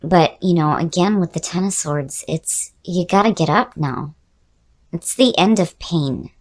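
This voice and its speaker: A woman with a low, hoarse voice, worn down as she loses it, talks through a casual tarot reading. She muses aloud, often repeating a word twice. She addresses the listener directly and personally. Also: a little slow. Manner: musing, repeats key words, talks straight to the viewer. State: hoarse, losing her voice. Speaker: tarot reader.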